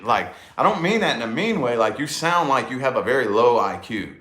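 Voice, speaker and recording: A man's voice: medium pitch, big pitch swings, fairly quick, hardly any pauses, sharp tone. A man with a Tennessee accent chatting casually, rambling and repeating himself with lots of "you know what I mean.". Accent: Southern US, Tennessee. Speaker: vlog host, musician. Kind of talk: casual chat. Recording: roomy echo.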